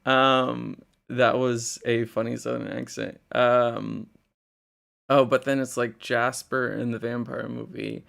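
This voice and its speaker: Young dude rambling on his stream, gravelly, laughs a lot. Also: mid-range voice, little pitch movement, slow pace, a bit bright. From Indiana, US. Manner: rambling, laughing often, swearing casually. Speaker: livestream host. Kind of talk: casual livestream chat reading chat comments.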